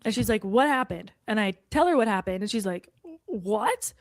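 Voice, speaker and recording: A woman's voice: mid-range voice, expressive, quick pace, no room sound, studio quality. A woman telling a personal story in a confessional video, snarky and full of "like" fillers. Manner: frequent "like" fillers, snarky edge. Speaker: storyteller recounting an incident.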